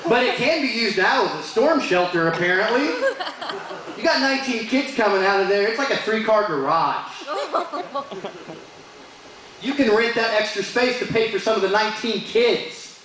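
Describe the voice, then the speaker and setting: A young man performing a stand-up comedy set in a bar, delivering crude jokes with deadpan punchlines. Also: high voice, moderate pace, pauses often, crowd noise. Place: bar stage with live audience. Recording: echoey bar room from far off.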